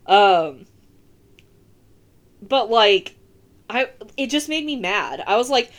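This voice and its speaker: A woman hosts a casual podcast and vents her opinions in an animated, profane rant. Her voice sits fairly high for a woman and swings widely in pitch as she gets worked up. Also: takes it slowly, long pauses. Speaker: podcast host.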